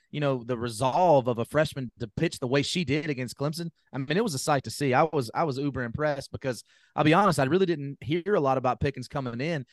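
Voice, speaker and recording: Guy hosting an interview, folksy and excited, rambles his questions, dry close sound. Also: medium pitch, no echo. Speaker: podcast host.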